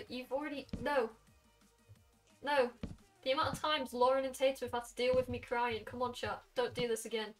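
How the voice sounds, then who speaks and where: A late-teen woman with a Welsh accent, chatting casually with her stream chat. Her voice sits a bit high, and she fires off quick asides. She sounds a little far from the mic, with faint music underneath. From Wales. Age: late teens. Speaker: game streamer. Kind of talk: casual live-stream chat while gaming.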